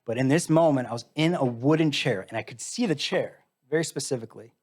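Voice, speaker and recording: A man's voice: medium pitch, fast, darkish tone, husky. A middle-aged American man tells a personal story in a live interview. He speaks in a mid-range voice, candid and earnest with a dry wry humor, and slips into the voices of the people he quotes. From United States. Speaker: interview guest, musician.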